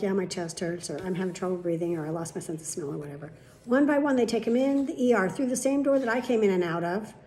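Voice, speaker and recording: A woman's voice: mid-range voice, mellow, slight background noise. A woman vlogger telling a story in a casual monologue, exasperated and profane, shifting her voice to quote the people in it.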